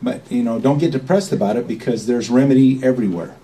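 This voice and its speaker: A man's voice: mid-range voice, fast talker, dark tone, distant mic, low-quality recording. A man giving an informal, rambling talk to a small group, often checking in with "okay?". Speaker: speaker at a meeting.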